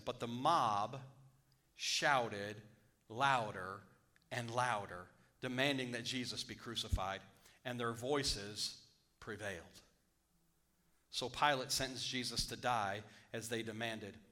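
A man preaching a sermon, his voice bright and forceful at a middling pitch. He reads scripture, then preaches, falling to a near hush and climbing back up loud. He drives his points home by repeating them. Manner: repeats phrases for emphasis. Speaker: pastor.

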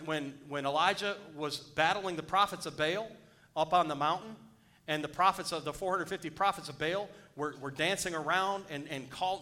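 The pastor's voice is fairly high with a sharp tone. He preaches, reading scripture aloud and stopping to exhort those listening, his delivery climbing into urgent pleading.

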